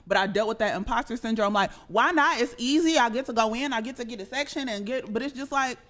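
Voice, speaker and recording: A woman's voice: a little high, quick pace, fairly bright tone. A young woman guest in a casual podcast chat, speaking candidly and chattily about her work.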